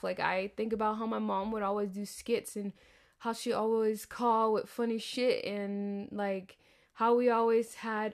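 A woman in her thirties talks through a loose, rambling podcast monologue. She swears casually and keeps breaking into laughter. Her voice sits a little higher than most women's. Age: 30s. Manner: candid, profanity-laced, chatty with frequent laughs. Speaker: podcast host.

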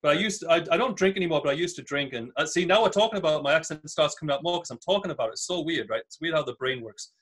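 A man from near Newcastle with a softened Northern English accent, chatting casually as a podcast guest and swearing freely. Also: on the high side, animated, very fast, hardly any pauses. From England, near Newcastle. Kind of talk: casual chat.

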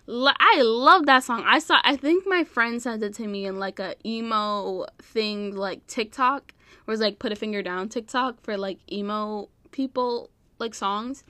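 A woman's voice: a little high, a little slow, bright, forceful tone, no echo. A young woman hosting a casual solo podcast, rambling and giggling, full of fillers. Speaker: podcast host.

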